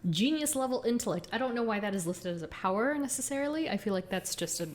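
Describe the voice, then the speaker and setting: A woman co-hosting a podcast in casual chat, chatty and quick to laugh as she runs through details. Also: a little high, lively intonation. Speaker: podcast co-host.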